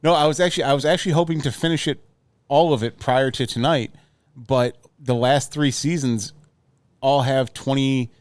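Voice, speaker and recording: A man's voice: medium pitch, normal speed, clean tone, dry recording. A man co-hosting a podcast, chatting casually and telling a long, stammering story. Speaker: podcast co-host. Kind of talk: casual chat.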